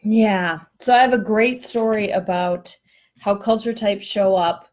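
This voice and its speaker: A woman's voice: medium pitch, measured pace, a little mellow. A woman co-hosting a casual talk on workplace culture, telling a story in a chatty, self-mocking way over an online call. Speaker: co-host discussing workplace culture.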